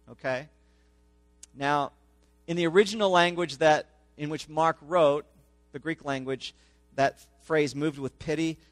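A man's voice: on the high side, no echo. Man preaching in a chatty, questioning style. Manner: conversational preaching with frequent "okay?" and "right?". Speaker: pastor. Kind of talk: sermon.

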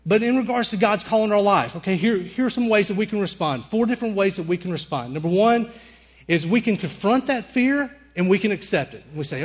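Animated Southern preacher, high voice. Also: male voice, a little fast, breathy edge. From Alabama. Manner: animated storyteller, acts out screams and dialogue. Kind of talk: storytelling sermon.

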